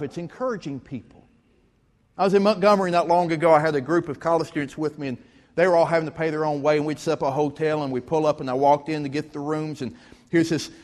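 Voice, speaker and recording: A man's voice: on the high side, in a large hall. A man, preaching a sermon as pastor, telling stories with rising emphasis. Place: church sanctuary.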